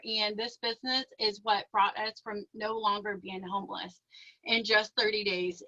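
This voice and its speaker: Nervous young woman with a bright voice. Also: medium pitch. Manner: nervous, shaky, talks with many fillers. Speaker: presenter sharing her business story. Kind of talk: emotional personal testimony. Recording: dull lo-fi audio.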